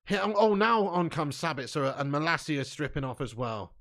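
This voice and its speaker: High, bright-voiced sweary fan. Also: male voice, normal speed. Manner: excitable, sweary, swings from grumbling to shouting. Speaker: fan watch-along host. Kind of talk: live match watch-along commentary.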